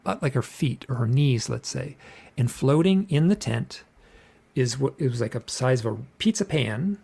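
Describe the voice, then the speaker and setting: Middle-aged man, gravelly tone, loose repetitive storytelling, casual podcast guest. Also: mid-range voice, lively intonation, normal speed, darkish tone. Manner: rambling, repeats phrases, acts out quotes. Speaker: podcast guest recounting an experience.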